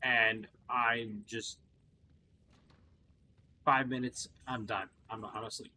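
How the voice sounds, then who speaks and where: A man talks through his gameplay in a loose, rambling way, often stopping on fillers and starting over. He sounds tired and is yawning. His voice is bright, with a faint hum behind it. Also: medium pitch, flat delivery, slow. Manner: rambling, chatty, with frequent fillers and restarts. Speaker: gaming channel host. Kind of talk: casual gameplay commentary.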